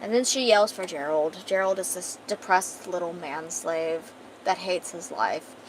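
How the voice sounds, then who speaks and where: A woman's voice: on the low side, unhurried, background noise. A woman streamer casually retelling a story, rambling and swearing freely.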